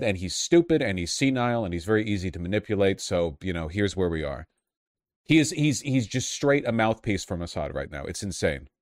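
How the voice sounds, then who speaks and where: A man's voice: mid-range voice, no echo, studio quality. A man giving casual reaction commentary on clips as a political commentator, profane and heated in his outbursts.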